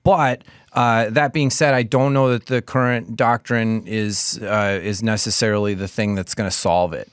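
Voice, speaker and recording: A man's voice: on the low side, steady tone, normal speed, few pauses, clean tone, no room sound. Man, podcast guest, rambling anecdotes, casual, dry close studio sound. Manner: rambling anecdotes with restarts and profanity. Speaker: comedian guest. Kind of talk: casual chat, storytelling. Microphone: studio mic.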